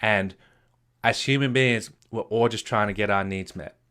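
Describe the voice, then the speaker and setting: A man's voice: fairly low pitch, moderate pace, bright, forceful tone, smooth. A man giving a motivational talk as a marriage coach, emphatic and repetitive, firing questions at the listener.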